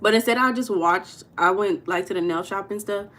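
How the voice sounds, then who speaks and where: Casting: young woman, relaxed livestream host, medium pitch, chatty and loose with viewers. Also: normal speed, slight background noise. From United States. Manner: chatty, greets chat viewers by name. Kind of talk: casual livestream chat.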